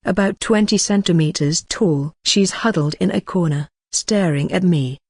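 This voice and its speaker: A woman narrating a fantasy audiobook in an even, machine-like reading. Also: lowish voice, normal speed, husky, no room sound, studio quality.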